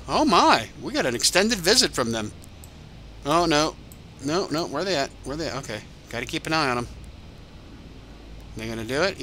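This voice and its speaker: Man, let's-play host, rambling casual commentary, tired, bright sharp voice, faint music underneath. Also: a little high. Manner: rambling and chatty, swears casually. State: tired, yawning. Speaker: game channel host.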